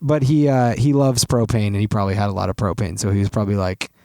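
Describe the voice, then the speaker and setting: A man's voice: on the low side, fast, gravelly, warm tone, dry recording, clean studio sound. A man co-hosting a podcast, chatting playfully in a rambling comedic way and slipping into goofy voices. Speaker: podcast co-host. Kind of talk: comedic casual chat.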